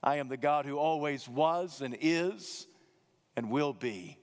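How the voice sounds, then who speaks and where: A man preaching a sermon, emphatic and dramatic, swinging his pitch and slowing down on key words. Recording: long hall reverb.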